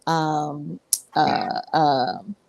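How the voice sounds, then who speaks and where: Woman, low pitch, dry close sound, rambling interview guest, lots of fillers. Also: fairly even intonation, extremely slow, creaky, darkish tone, no echo, lo-fi sound. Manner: rambling, many fillers and restarts. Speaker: Southern soul singer, guest. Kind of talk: casual interview storytelling.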